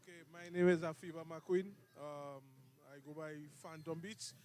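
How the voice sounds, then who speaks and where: A Grenadian music producer, a man, explaining his work calmly in an interview. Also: on the high side, moderate pace, crowd noise. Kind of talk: interview answer. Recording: distant mic, light ambient noise.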